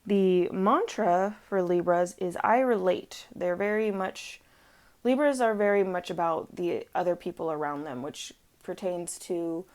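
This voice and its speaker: A woman's voice: lowish voice, unhurried, a little mellow. Chatty woman giving a tarot reading. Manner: chatty and rambling, with frequent fillers and self-corrections. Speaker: tarot reader. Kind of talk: casual chat. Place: at home with her dog on her lap.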